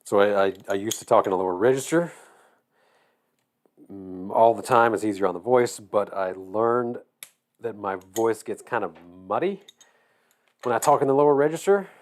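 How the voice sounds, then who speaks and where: A man from Georgia with a Southern accent, his voice going hoarse, chatting casually and rambling while he builds a model. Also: lowish voice, normal speed, pauses often. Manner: relaxed, rambling, drawling. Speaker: hobby shop owner.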